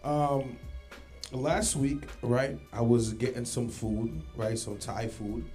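A man's voice: medium pitch, fairly even intonation, warm tone, soft background music. A man co-hosting a podcast, telling a story in casual chat and checking in with "right?" after each step. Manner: storytelling, quick, says "right?" often. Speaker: podcast co-host.

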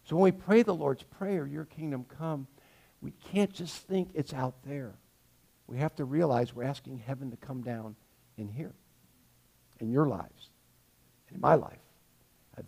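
An older man preaching a sermon, earnest, moving between loud pleading and soft hushed passages. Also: mid-range voice, a little slow, creaky, pauses often, slightly rough. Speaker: pastor.

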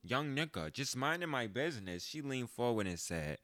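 A man in his twenties hosting a podcast, telling a story in a casual, profane, animated way and jumping into high mocking voices. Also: moderate pace, dry recording. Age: 20s. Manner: animated, profane, jumps into high mock voices when quoting. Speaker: podcast host. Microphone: close podcast mic.

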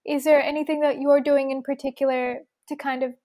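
A woman interviewer who speaks in a gushing, emotional way, in halting phrases. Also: sits high, little pitch movement, highs cut off. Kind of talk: interview questions.

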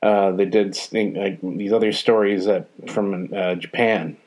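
A man with a fairly low voice gives a casual spoken review. He talks hesitantly, with frequent ums and restarts. He is frank and sounds mildly exasperated. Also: steady tone, measured pace, darkish tone. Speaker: show reviewer.

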